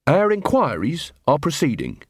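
A man's voice: fairly high pitch, moderate pace, husky, no room sound, studio quality, heavily acted. A man voicing an earnest young watch corporal. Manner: calm, earnest, polite authority.

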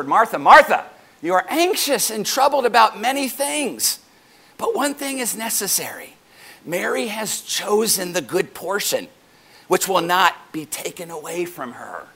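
A man pastor preaching a sermon to his congregation, animated and joking with them as he goes. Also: sits high, unhurried, breathy edge.

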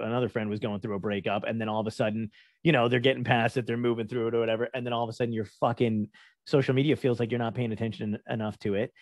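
An American man, a comedian guest on a podcast, ranting in a profane, animated way. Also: mid-range voice, no room sound, clean studio sound. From United States. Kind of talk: casual podcast conversation.

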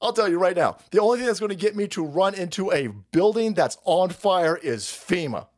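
A man's voice: high-pitched, expressive, a little fast. A man hosting a livestream, ranting crudely and mockingly and laughing often. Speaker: livestream host. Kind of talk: profane political rant stream.

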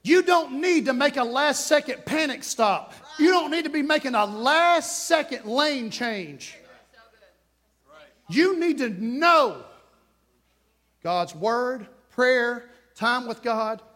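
A man with a high-pitched voice preaching a lively sermon in a church. He swings from shouted exhortation to quiet, hushed asides. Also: slow pace. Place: church sanctuary.

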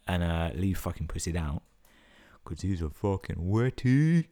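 A young vlogger with a low, mellow voice tells stories casually, very animated yet a little slow. He swears a lot and keeps dropping 'like' into his speech.

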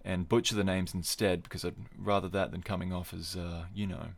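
A man's voice: low voice, flat delivery, brisk, gravelly. A man hosting a casual solo podcast, recapping fights with wry, rambling asides. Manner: wry, digressive, jokey asides. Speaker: podcast host.

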